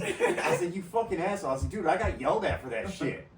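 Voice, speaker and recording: A man's voice: mid-range voice, sing-song, fast talker, a little hiss or hum. A man hosting a casual podcast, telling crude stories among friends and laughing often. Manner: profane, laughing storyteller. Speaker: podcast host. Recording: roomy sound from a distant mic.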